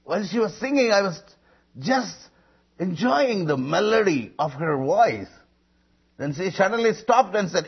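Male preacher, sermon testimony, husky voice, lively pitch, calls out to the congregation. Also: moderate pace, muffled recording. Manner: animated storytelling with calls to the congregation.

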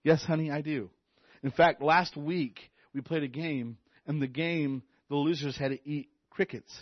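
A man, a youth pastor, preaching a sermon with excited energy, repeating phrases and stammering on restarts. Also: on the high side, measured pace, no echo, muffled recording. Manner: enthusiastic, repetitive, stammers on restarts.

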